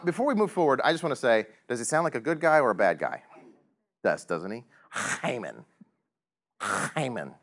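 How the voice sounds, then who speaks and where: A man leads a Bible study in an easy, joking manner, asking his listeners questions. His pitch swings widely as he teaches, rising and falling for emphasis. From United States. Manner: animated, joking, big pitch swings, chuckles often.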